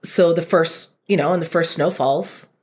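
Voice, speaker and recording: A woman chatting casually on a podcast as a guest, talking about dog training in an animated way with lots of fillers. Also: sits low, moderate pace, husky.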